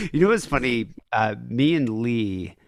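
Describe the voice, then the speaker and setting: A man's voice: mid-range voice, sing-song, slow pace, no echo, studio quality. An American man hosting a podcast in casual chat, talking in a rambling, offhand way. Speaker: podcast host.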